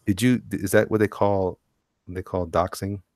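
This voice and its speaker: A man co-hosting a casual podcast chat, telling rambling, animated stories. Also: low voice, normal speed, no echo, studio quality. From Tampa, Florida. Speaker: podcast co-host.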